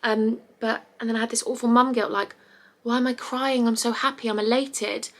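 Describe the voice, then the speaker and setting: Young mum vlogging candidly. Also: female voice, on the high side, steady tone, moderate pace. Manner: candid, emotional, rambling with restarts. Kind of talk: casual confessional vlog. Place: bedroom at home.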